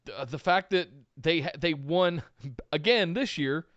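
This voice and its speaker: A man's voice: a little high, a little slow, no echo. Opinionated man on a lo-fi podcast. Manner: opinionated, gushes loudly when excited. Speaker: podcast co-host. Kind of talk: casual wrestling podcast chat. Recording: dull lo-fi podcast audio, dry.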